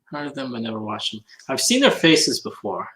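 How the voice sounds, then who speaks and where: A man's voice: mid-range voice, very animated, brisk, a bit bright, poor audio. A man on a casual livestream hangout, chatting and reading comments while he works, often muttering to himself.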